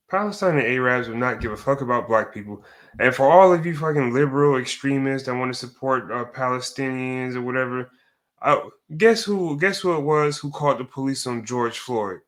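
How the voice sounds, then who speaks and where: Guy ranting mad at the camera, swearing a lot, stumbling over his words, normal mid pitch. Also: animated, a little fast, fairly bright tone. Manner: heated, cursing, repetitive restarts. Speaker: commentator. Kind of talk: angry profane reaction rant.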